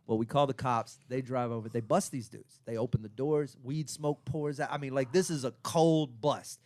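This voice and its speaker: A man, hosting a podcast and telling a profane story to friends with lively energy. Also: mid-range voice, normal speed, dry recording. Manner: animated, profane, acts out quotes. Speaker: podcast host and stand-up comic. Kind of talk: casual storytelling among friends.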